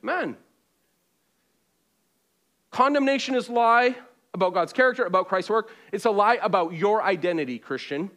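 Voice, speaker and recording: A man in the pulpit, his voice pitched high, preaching with call-and-response. He swings between ringing exhortation and quiet, hushed passages, and drops in joking asides to the room. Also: lively intonation, moderate pace, long pauses. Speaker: pastor. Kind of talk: sermon. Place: church auditorium with congregation.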